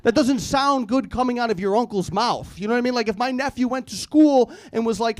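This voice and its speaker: A man's voice: very high-pitched, a little fast, hardly any pauses. A man in his thirties doing a rambling stand-up comedy set, self-deprecating and acting out the people he quotes. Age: 30s. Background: audience laughter.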